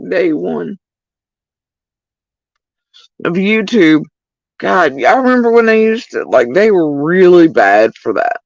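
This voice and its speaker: Her voice is deep with vocal fry as this woman livestreamer launches into a profane, animated rant, talking casually and directly to her viewers in chat. The recording has no echo but sounds poor.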